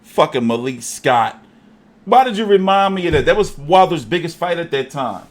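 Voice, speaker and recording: A man hosting a casual boxing show, talking in an animated, profane, jokey way. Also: a little high, normal speed.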